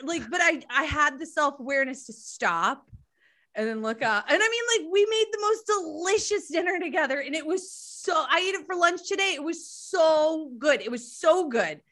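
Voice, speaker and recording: A woman's voice: high-pitched, normal speed. A middle-aged woman, hosting a podcast and telling stories in casual chat, swearing freely. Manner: animated storytelling, swears casually. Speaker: podcast host.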